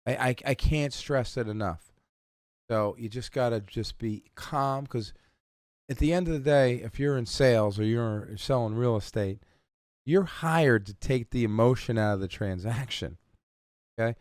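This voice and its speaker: A man's voice: medium pitch, measured pace, dry recording, studio quality. A man hosting a podcast, talking casually and with emphasis, often checking in with the listener. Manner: animated and emphatic, often tags "okay?". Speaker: podcast host. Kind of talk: motivational casual talk.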